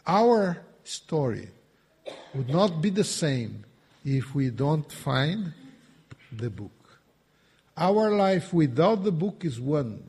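Slow, mellow-voiced man preaching in a hall. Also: mid-range voice, creaky, slightly rough. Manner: emphatic, repetitive preaching with rising bursts. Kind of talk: sermon. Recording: reverberant hall.

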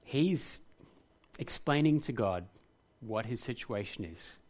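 A man delivering a sermon in an earnest, reflective way. His voice sits at an ordinary middle pitch, and his emphasis builds into passion when he makes a point. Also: lively intonation, slow pace. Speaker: pastor.

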